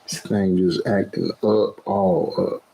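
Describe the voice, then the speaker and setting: Slow, unhurried man hosting a casual live chat, greeting his viewers one by one and repeating himself. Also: deep voice, fairly even intonation, gravelly, warm tone, rough recording. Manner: repeats phrases over and over. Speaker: cooking channel host.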